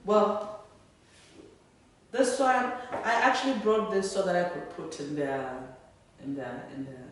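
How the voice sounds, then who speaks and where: A woman author reading her own fiction aloud, then taking questions in a lively, laughing way. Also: lowish voice, measured pace, a little hiss or hum. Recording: echoey room, distant mic.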